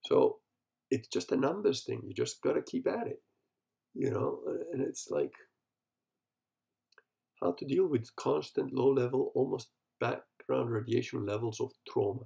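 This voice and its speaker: A middle-aged podcast host with a gravelly, warm, mid-range voice speaks at a measured pace on his solo show. He is blunt and profane, telling stories and acting out what people said.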